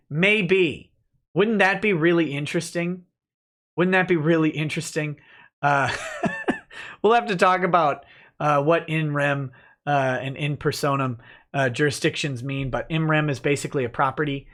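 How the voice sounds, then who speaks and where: A man hosting a casual livestream, reading out viewer comments and answering them in a relaxed, joking way, with many "uh" fillers. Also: fairly high pitch. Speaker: lawyer and livestream host.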